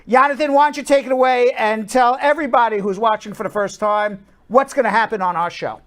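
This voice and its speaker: Woman co-host, fairly high voice, lively, reads out viewer names and explains legal answers. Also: brisk. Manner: upbeat, calls out viewers' names, explains legal rules at length. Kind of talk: live-stream show, reading viewer names and answering questions.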